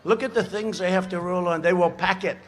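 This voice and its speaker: A man's voice: high voice, fairly even intonation, quick pace. A man giving a campaign speech at a rally, boastful and sarcastic, drifting off into rambling asides. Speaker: politician addressing a rally. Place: large rally venue. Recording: loud cheering crowd at a rally.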